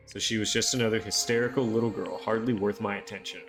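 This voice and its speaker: A fast talker who barely pauses, this streamer has a fairly low, steady, fairly bright voice as he voices all the characters in a visual novel over game music. Between scenes he chats casually and swears with his viewers.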